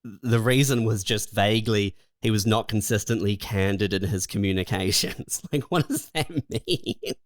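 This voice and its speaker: A man's voice: fairly low pitch, normal speed, no echo, studio quality. A man co-hosting a podcast in casual comedic chat, rambling with lots of laughter. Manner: rambling, laughs often, says dude and man. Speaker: podcast co-host.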